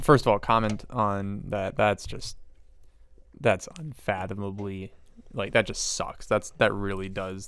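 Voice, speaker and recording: A man's voice: fairly low pitch, creaky, smooth, no echo. A man co-hosting a podcast in casual chat, reacting to stories and adding his own comments. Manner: reactive, chimes in with short agreements and comments. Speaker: podcast co-host.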